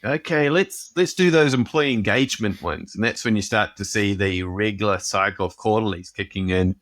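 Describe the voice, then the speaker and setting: A man with a fairly low voice co-hosts a casual business podcast, chatting over a video call. He talks in animated bursts and breaks off to restart his sentences. The sound is dry and close, with no room around it. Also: moderate pace, no room sound. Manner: animated, self-interrupting storyteller. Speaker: podcast co-host. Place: home office on a video call.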